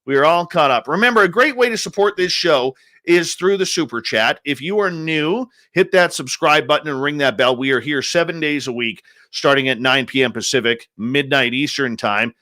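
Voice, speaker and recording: A man hosting a live radio show, greeting listeners one after another in a playful, upbeat manner with drawn-out announcer emphasis. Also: fairly high pitch, sharp tone, no echo. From Canada. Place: home studio in British Columbia.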